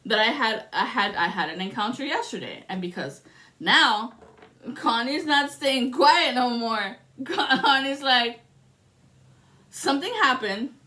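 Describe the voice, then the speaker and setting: A woman's voice: a little high, bright, forceful tone. A woman speaking as a spiritual reader in a passionate, profane rant to her viewers. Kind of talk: emotional monologue to camera.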